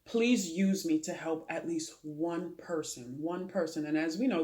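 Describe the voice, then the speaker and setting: A woman's voice: lowish voice, a little slow, darkish tone. Earnest woman sharing her faith. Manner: earnest and preachy, speaks of faith and prayer. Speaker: interview guest. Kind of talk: heartfelt testimony in a talk show interview.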